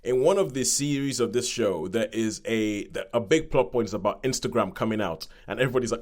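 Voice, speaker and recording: A man's voice: fairly low pitch, fast talker, few pauses, darkish tone. A man hosting a podcast, chatting casually and rambling through a review, correcting himself as he goes. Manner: rambling, self-correcting, acts out quoted voices. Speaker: podcast host.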